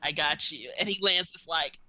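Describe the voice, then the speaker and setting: Excitable young woman with a bright voice. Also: sits low, moderate pace, dry recording, low-quality recording. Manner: animated, excitable storytelling with bursts of shouting. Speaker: podcast co-host. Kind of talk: casual chat.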